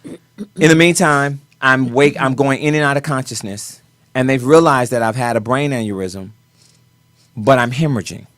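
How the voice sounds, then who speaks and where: A man, a choreographer as a talk show guest, tells a personal story in an animated way, his voice swinging between quiet and loud. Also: mid-range voice, normal speed, no echo.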